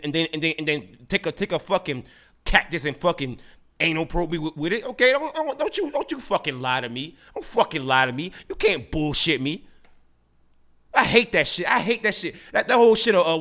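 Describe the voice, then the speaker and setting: A man's voice: high voice, sing-song, brisk, sharp tone. A man hosting a solo podcast, ranting with heavy profanity, repeating and stumbling over his words as he gets heated. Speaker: podcast host. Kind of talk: solo political rant podcast.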